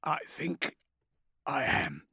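A male narrator voicing a grim, dying armoured soldier who talks in a strained, breathy growl, weak and failing. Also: low voice, very animated, drawn-out words, pushed and bright, dry recording, studio quality, pitched below the performer's own voice, full character voice.

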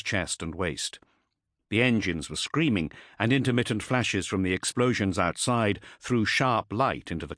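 A man narrating an audiobook in an expressive, dramatic storytelling manner. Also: fairly low pitch, no echo, studio quality.

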